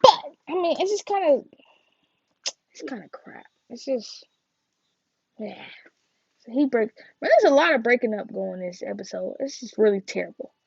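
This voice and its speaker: A woman's voice: on the high side, expressive, normal speed, vocal fry, long pauses, slightly rough, no room sound, muffled recording. A woman reviewing a TV episode in casual, rambling chat, full of fillers and slangy asides. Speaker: TV review vlogger.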